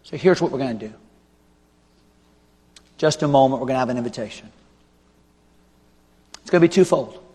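A male pastor preaching a revival sermon with an altar call, swinging from loud shouting to hushed pleading. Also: mid-range voice, lively intonation, normal speed, pauses often. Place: large church auditorium. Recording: long hall reverb.

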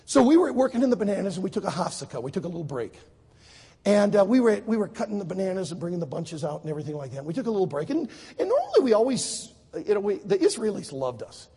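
Husky, animated male preacher. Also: fast talker, long reverb tail. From United States. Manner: animated storytelling, swoops into high acted voices. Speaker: Baptist preacher. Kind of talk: sermon to high school students.

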